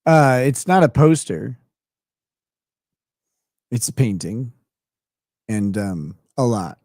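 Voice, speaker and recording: A man's voice: medium pitch, sing-song, slow, darkish tone, dry recording, studio quality. A man co-hosting a casual livestream, teasing his partner with profane banter and mock cross-examination. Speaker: livestream co-host.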